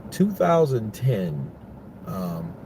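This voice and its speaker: A man's voice: fairly low pitch, big pitch swings, extremely slow, background noise. A man giving casual, rambling boxing commentary, full of profanity and restarts.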